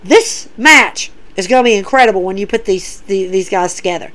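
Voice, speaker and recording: A woman recapping wrestling episodes in an excitable, animated way, retelling quoted lines as she goes. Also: mid-range voice, brisk, rough recording. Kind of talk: casual recap commentary.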